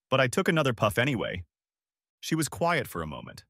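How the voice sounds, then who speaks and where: A man narrating a first-person story as scripted audiobook narration, in an expressive storytelling manner. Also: fairly low pitch, fairly quick, no room sound, clean studio sound.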